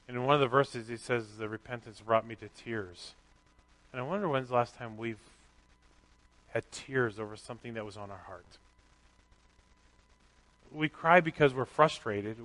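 A middle-aged pastor giving a candid, conversational sermon with self-deprecating asides. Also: male voice, medium pitch, pushed and bright.

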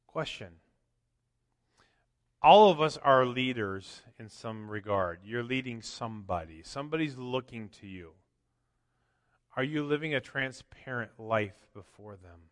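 A man preaching a sermon as pastor, swinging from loud emphatic lines to quiet asides. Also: medium pitch, expressive, a little slow, pauses often. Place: church. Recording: long church hall reverb.

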